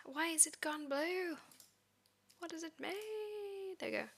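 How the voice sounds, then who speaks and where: A woman's voice: very high-pitched, slow, vocal fry, background noise. A woman live-streaming as she codes, thinking aloud and muttering or whispering to herself.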